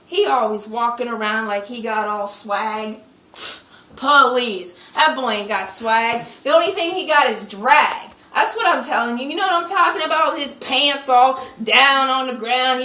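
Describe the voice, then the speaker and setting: Comic character: a woman doing a sassy, churchgoing young woman with a high, sharp voice and heavy slang, recorded in an echoey room from a distance. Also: slight background noise. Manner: sassy, exaggerated street slang. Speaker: skit performer. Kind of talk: live comedy skit monologue. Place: retreat meeting room.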